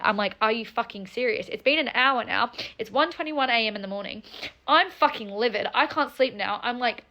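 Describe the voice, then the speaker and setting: A woman's voice: on the high side, fairly bright tone. A young woman telling a story-time vlog in a heated way, swearing often and filling her talk with likes and ums. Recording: dull lo-fi audio.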